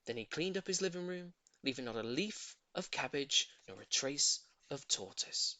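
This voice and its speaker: A man narrating a children's storybook aloud in a gentle storytelling manner. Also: a little high, animated, normal speed, no echo. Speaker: audiobook reader.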